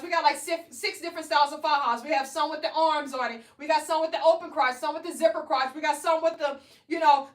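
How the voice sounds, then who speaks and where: High-voiced chatty woman hosting a livestream. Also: fairly bright tone. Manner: chatty, coaxing, keeps checking in with the viewers. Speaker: host selling shapewear on a livestream. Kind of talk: live product demonstration. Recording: roomy echo, far from the mic.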